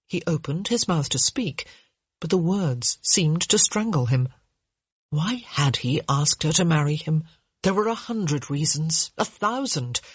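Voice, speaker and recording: A woman narrates an audiobook at a measured, steady pace. Her voice is lowish and slightly husky. The recording is dull and dry, with no room sound. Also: no room sound.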